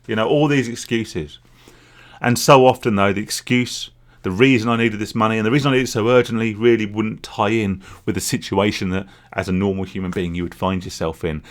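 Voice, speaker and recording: A man speaking candidly in a rambling, confessional solo vlog about his past as a gambling addict. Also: fairly low pitch. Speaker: vlogger, former gambling addict. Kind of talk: reflective solo vlog monologue.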